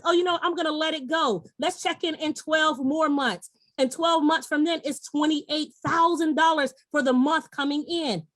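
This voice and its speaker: A woman's voice: sits high, a bit bright, dry recording. A middle-aged woman presenting an investment webinar over a video call, upbeat and coaxing, addressing her audience directly. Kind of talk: persuasive sales pitch.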